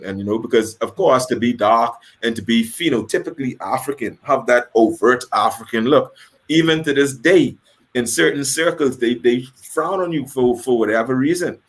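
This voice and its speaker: Man, mid-pitched voice, fired-up interview guest who slips into quoted voices. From Bahamas. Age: adult, married. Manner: passionate, emphatic, acts out quoted voices. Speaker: guest, history teacher. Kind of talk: interview conversation.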